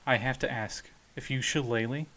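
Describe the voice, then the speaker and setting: A man's voice: medium pitch, steady tone, brisk, a loud crowd. A man running a tabletop game as game master, casual and joking as he narrates and answers rules questions. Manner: joking, casual, pop-culture references.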